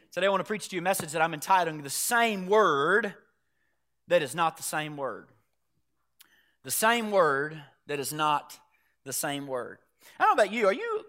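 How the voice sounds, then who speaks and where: A male pastor preaching a sermon in a conversational way. He swings from loud emphasis to hushed, quiet delivery and asks the congregation direct questions. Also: on the high side.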